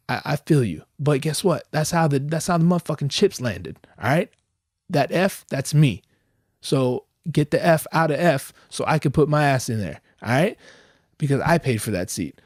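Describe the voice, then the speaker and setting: A podcast host, a man, telling a comic story in a profane, animated rant, acting out the voices. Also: mid-range voice, no echo, studio quality.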